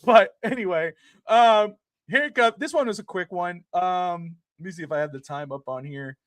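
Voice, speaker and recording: A man's voice: high-pitched, normal speed, fairly bright tone, no room sound, clean studio sound. A man co-hosting a podcast in casual sports chat, rambling with lots of filler words. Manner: rambling, many "you know" fillers. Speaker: podcast co-host.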